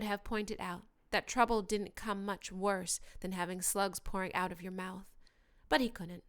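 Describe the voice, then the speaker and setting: A woman narrating an audiobook chapter in a steady, even reading voice. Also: mid-range voice, a little slow, clean tone. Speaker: audiobook reader.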